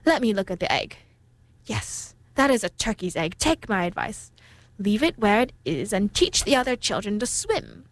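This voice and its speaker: A woman voicing a knowing old female duck in a storybook, speaking briskly and giving advice. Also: mid-range voice, very animated, dry recording.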